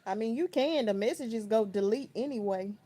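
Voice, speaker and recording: Casting note: a Southern US woman as a livestream host, chatty and drawling, with a mellow, slightly high voice. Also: moderate pace. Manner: drawling, chatty, reacts to comments aloud. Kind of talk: casual chat reading live comments.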